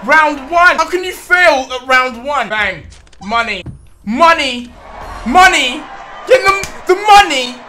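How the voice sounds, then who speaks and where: A man doing comedic gaming vlog commentary, loud and swearing in frustrated outbursts. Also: extremely high pitch, lively intonation, slow, a little hiss or hum. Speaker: gaming YouTuber.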